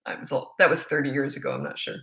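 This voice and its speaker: A woman's voice: a bass voice, fairly even intonation, racing, gravelly, a bit bright. A woman in her fifties, a parenting coach answering questions with emphatic, repetitive advice and some self-mocking laughter. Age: 50s. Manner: emphatic, repeats key advice, laughs at herself. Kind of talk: live Q&A advice. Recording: roomy echo.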